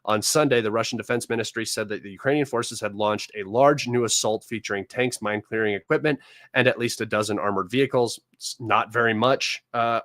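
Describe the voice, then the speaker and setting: A man's voice: on the low side, a bit bright, no room sound. A man hosting a live political commentary stream, reading news articles aloud and mocking them with scorn.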